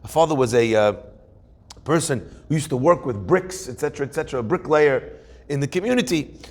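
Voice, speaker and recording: Animated storytelling rabbi, man. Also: on the high side, a little fast. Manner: animated storyteller, acts out quoted voices. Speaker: rabbi and Torah teacher. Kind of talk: weekly Torah class.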